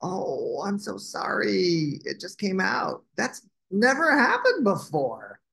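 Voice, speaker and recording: A man voicing a gentle, timid young male dragon in a storybook read-aloud, earnest and apologetic. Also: a little high, big pitch swings, normal speed, gravelly, pitched above the performer's own voice.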